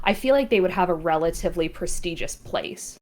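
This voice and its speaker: Woman, tabletop player, hesitant, filler-heavy, lower pitch. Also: expressive, brisk, darkish tone. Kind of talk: casual tabletop play.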